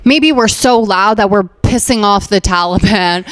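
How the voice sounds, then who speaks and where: A woman's voice: medium pitch, lively intonation, measured pace, fairly bright tone, no echo. A young woman from Afghanistan hosting a comedic podcast at home, chatty and sarcastic, laughing often and filling her talk with "like". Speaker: podcast host.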